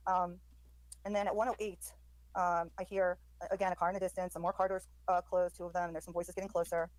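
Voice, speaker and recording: A woman with a lowish voice and level tone talks fairly quickly on a live stream, describing sounds she hears in a recording. She is hesitant, says "um" a lot, and quotes lines she overhears. The recording is dry and low-quality.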